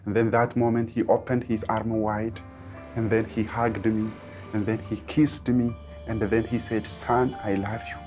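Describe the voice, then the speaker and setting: A man's voice: lowish voice, flat delivery, measured pace, darkish tone, soft background music. A man telling his personal testimony in an earnest way, linking his sentences with "and then". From Ethiopia. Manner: earnest, strings clauses with "and then". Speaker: testimony speaker.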